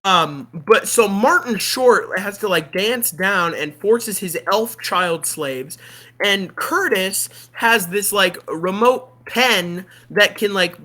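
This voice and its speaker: A streamer telling a movie plot as a comedic rant, animated and giggly, with frequent swearing. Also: medium pitch.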